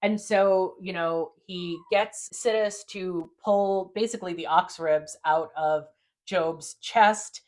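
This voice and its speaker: A woman hosting a podcast and chatting casually as she recaps an episode, talking animatedly, swearing freely and acting out lines. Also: fairly low pitch. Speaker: podcast host.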